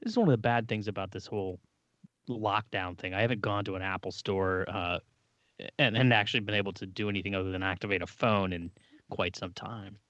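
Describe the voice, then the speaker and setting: A man's voice: fairly low pitch, fairly even intonation, brisk, fairly bright tone, no room sound, highs cut off. A man co-hosting a tech podcast in casual chat, wry and dry-humored, often stumbling into his sentences. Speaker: podcast co-host.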